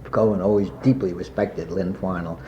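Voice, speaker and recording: An older man being interviewed, telling a long personal anecdote in a rambling way with many pauses and fillers. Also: low-pitched, fairly even intonation, warm tone, slight background noise. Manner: rambling anecdotal, frequent "uh" and asides. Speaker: interviewee recalling his past. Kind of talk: oral history storytelling. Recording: muffled archival tape.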